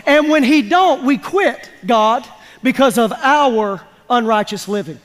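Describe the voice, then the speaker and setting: In a church sanctuary, a pastor with a very high, slightly bright voice preaches a sermon, speaking expressively and a little slowly. His manner is emphatic and folksy, and he calls for responses from the congregation. The recording carries the long reverb of a large church hall.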